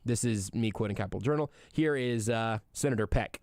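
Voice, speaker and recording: A man's voice: lowish voice, a little fast, hardly any pauses, a little mellow, no room sound, studio quality. A man hosting a sports radio show, talking casually and joking, with frequent fillers and restarts. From Kansas City area. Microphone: studio microphone.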